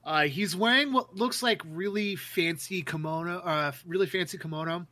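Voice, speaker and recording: Bright-voiced male game master. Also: high-pitched, moderate pace. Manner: crude, casual narration. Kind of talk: narrating a tabletop game.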